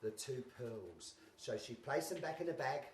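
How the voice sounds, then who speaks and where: Lively woman telling a story to kids in an echoey hall. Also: rumbling low, normal speed. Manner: animated, sound effects, asks the audience to join in. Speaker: children's entertainer. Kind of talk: live storytelling for young children. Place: large hall with a live audience. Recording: echoey hall, far mic, crowd noise.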